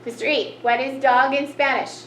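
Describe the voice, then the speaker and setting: A woman's voice: high-pitched, steady tone, moderate pace, a bit bright. A woman teaching a cheerful children's lesson, gasping with delight at each new picture. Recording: echoey room, faint noise.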